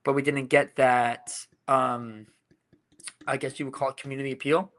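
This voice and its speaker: A man's voice: medium pitch, little pitch movement, moderate pace, fairly bright tone. A man from England, a brewery co-founder, chatting as a podcast guest, rambling with lots of "you know" and "like". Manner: rambling, many fillers and restarts. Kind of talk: casual interview chat.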